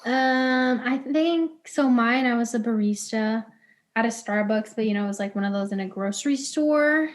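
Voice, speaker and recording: Young woman co-host, fairly high voice, rambly giggly chat. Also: normal speed. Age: young adult. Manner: rambling, many "like" fillers, giggly. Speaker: podcast co-host. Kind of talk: casual chat.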